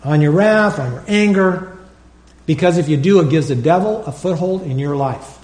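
Male pastor, somewhat high voice, animated sermon delivery with call-and-response, roomy church echo. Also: normal speed. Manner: animated, acts out prayers and calls for congregation responses.

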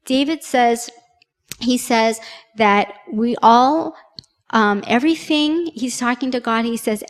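A woman tells a children's story sermon in a chatty way, often turning to the kids with questions. Her voice sits fairly high. A long hall reverb trails her words. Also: slow pace. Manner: warm, conversational, addressing children with questions.

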